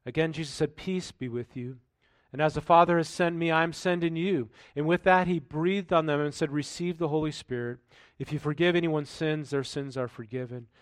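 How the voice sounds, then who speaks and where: A man preaches as pastor, reading scripture aloud before launching into relaxed, conversational commentary laced with rhetorical questions. His slightly high voice keeps a normal speed with few pauses, free of room sound.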